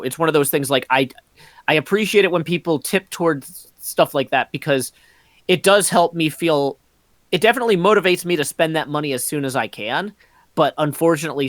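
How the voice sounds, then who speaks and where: Over a voice call picked up by a computer mic, a middle-aged man runs a community meeting, chatting casually, rambling, saying um a lot and breaking into laughs. His voice is medium-pitched and fairly bright. There's no room sound.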